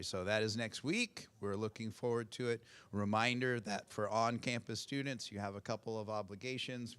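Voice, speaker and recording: A man's voice: lowish voice, fairly bright tone, smooth. A middle-aged man with a cold, giving casual, upbeat announcements at a university chapel. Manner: upbeat, chatty, with fillers and repeated pleas. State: has a cold.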